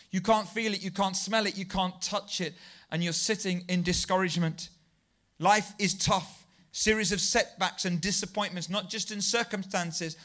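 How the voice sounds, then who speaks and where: Man, preaching, animated storyteller, high voice. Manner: animated storytelling, self-deprecating, rising to near shouts. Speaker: pastor. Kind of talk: sermon.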